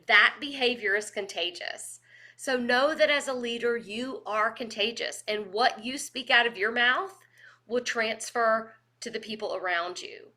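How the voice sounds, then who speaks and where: A woman's voice: fairly high pitch, normal speed. A woman, giving a virtual leadership training and telling stories with energy and laughter over a video call microphone. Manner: energetic, animated storyteller who laughs often. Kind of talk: virtual training lecture with storytelling.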